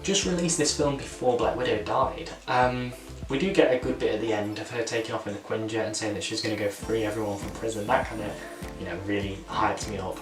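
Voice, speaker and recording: A man's voice: fairly low pitch, fairly even intonation, brisk. A man hosting a casual movie review, talking enthusiastically and rambling with many fillers. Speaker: channel host reviewing a film. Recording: echoey room, distant mic, music. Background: music.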